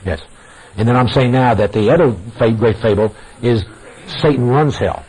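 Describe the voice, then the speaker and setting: Heard over a lo-fi radio broadcast, a man with a medium-pitched, slightly mellow voice preaches a sermon to his congregation at a normal speed. He is emphatic, repeats phrases for effect, and calls his listeners "guys."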